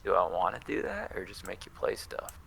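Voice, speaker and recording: Man, somewhat low voice, gravelly texture, easygoing, card game chat. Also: sing-song, a little fast, fairly bright tone, low-quality recording. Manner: easygoing, reads card text aloud, muses over choices. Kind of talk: casual gameplay chat.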